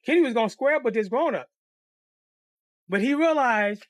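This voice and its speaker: An extremely high-pitched man, a channel host, tells a personal story at normal speed, pausing often, in a casual storytime monologue. He swears freely and animatedly acts out the characters' voices, recorded dry at studio quality.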